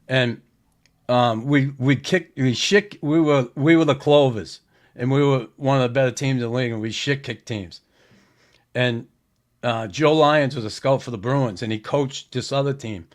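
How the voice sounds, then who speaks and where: A middle-aged man hosting a casual podcast, telling rambling stories in a blunt, profane way. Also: mid-range voice. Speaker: podcast host, former hockey player.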